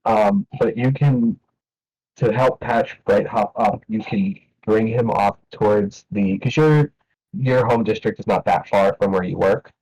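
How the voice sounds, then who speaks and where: A man narrating as game master of a tabletop game, relaxed and hesitant with many fillers. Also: on the low side, a little slow, breathy edge, poor audio.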